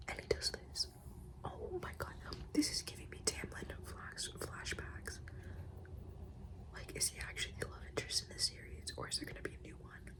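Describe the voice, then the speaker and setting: Whispering young woman, late-night vlog. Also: rough recording. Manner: whispering, gushing and exasperated about a book; swears freely, fillers like "like". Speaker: vlogger. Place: at home in pajamas, late at night.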